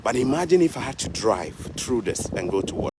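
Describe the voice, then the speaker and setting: A man's voice: medium pitch, sing-song, brisk, noisy background. A young man from Africa talking casually and earnestly to his viewers in a vlog, repeating his points like a preacher. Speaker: vlogger. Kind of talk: casual vlog talk to camera.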